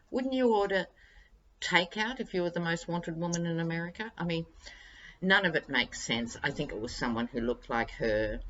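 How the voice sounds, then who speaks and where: Low, slow-talking woman vlogger. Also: fairly bright tone, muffled recording, a little hiss or hum. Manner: chatty, wry, addresses viewers directly. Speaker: tarot reader and vlog host. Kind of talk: casual monologue to viewers.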